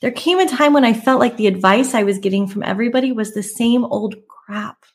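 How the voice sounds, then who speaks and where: A woman's voice: on the high side, a little fast. A woman host of a podcast for photographers, talking candidly and conversationally about her own path, with emphatic rises now and then. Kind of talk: personal storytelling monologue.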